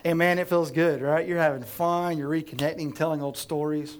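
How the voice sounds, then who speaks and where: Male pastor preaching, kinda high voice, super animated storyteller, talks right at you. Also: a little fast. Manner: animated storytelling, acts out scenes, addresses listeners directly. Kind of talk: sermon.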